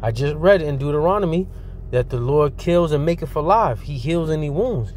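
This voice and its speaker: A man's voice: on the high side, animated, moderate pace, a little mellow, a little hiss or hum. A man preaching an earnest sermon, reading scripture aloud and warning his listeners, often ending sentences with "man.". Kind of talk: fiery street-style sermon with scripture reading.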